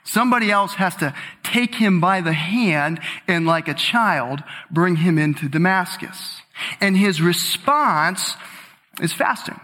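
A man with a high voice preaches a sermon, driving points home by repeating key words. His delivery is slow and deliberate. The sound rings with the long reverb of a large hall. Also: animated, bright, forceful tone.

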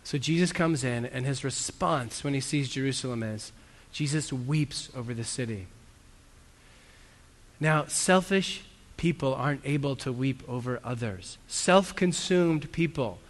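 A man preaching a sermon as a pastor, earnest and conversational, with self-deprecating asides. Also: mid-range voice. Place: church hall. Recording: long reverb of a church hall.

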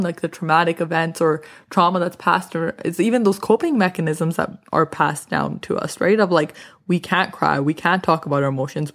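A woman's voice: on the low side, gravelly. A young woman podcast host in casual reflective talk, speaking candidly and filling her sentences with "like" as she tells stories. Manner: candid, animated storytelling with frequent "like" fillers.

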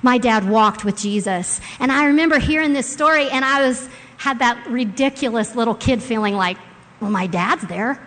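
A woman preaching a sermon in a church, expressive, moving between hushed reading and loud, sung passages. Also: on the high side, moderate pace. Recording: long hall reverb.

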